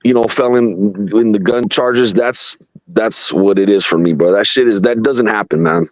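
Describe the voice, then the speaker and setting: A man's voice: lowish voice, normal speed, no room sound, low-quality recording. Blunt, profane man in casual chat. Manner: blunt, profane street talk. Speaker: guest on a live stream show.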